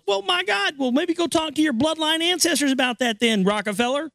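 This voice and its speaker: Profane, excitable man with a lively voice. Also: very high-pitched, a little fast, vocal fry, few pauses, dry recording, clean studio sound. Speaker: podcast host. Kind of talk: reading aloud and ranting commentary.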